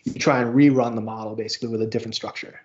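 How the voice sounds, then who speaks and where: A male instructor explains statistics in a casual recorded lecture walkthrough with informal asides. His voice sits at a middle pitch. The recording is dull and lo-fi. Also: fairly even intonation, very fast, darkish tone.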